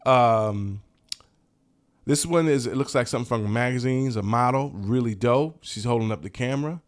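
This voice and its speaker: A man of ordinary middle pitch chats loosely through a stack of shirt designs. He is laid-back and slangy, cheerfully hyped, and he swears now and then as he goes. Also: moderate pace. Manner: relaxed, slangy and enthusiastic, repeats "dope", swears. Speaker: host of a t-shirt business channel. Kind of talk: casual talk showing shirt designs.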